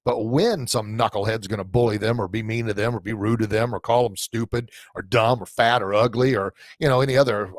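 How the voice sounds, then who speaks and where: A man's voice: mid-range voice, no echo. Rambling middle-aged man hosting a live talk. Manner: rambling, warm-hearted, with many fillers and restarts. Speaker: podcast host and coach. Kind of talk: live-streamed casual talk to listeners. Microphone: camera mic in front of him.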